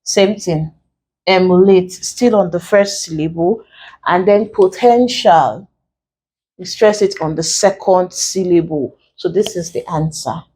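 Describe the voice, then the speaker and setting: Slow, deliberate woman tutoring English. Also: fairly low pitch, mellow, husky. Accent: Nigerian English. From Nigeria. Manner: slow, deliberate, spelling out each step. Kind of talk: online exam lesson.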